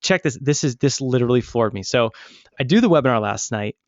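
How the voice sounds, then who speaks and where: A man co-hosting a live webinar as a business coach, talking casually and excitedly, rambling with many restarts and fillers. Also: mid-range voice, a little fast, no echo. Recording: dull lo-fi online call audio.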